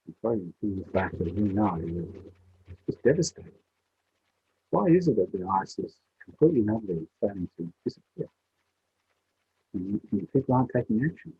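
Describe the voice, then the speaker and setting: An earnest man shares a story with young listeners, speaking with heartfelt repetition. His voice is husky and mid-pitched, and the sound is dry and tinny, like a phone line. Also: sing-song, brisk, no echo. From Western Australia. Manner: earnest, heartfelt, repeats himself. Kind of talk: spoken storytelling to young people.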